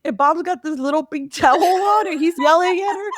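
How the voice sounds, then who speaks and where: A woman co-hosting a film review podcast in casual chat, animated and quick to act out lines from the movie. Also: very high-pitched, slight background noise. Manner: restarts and repeats words often. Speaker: podcast co-host.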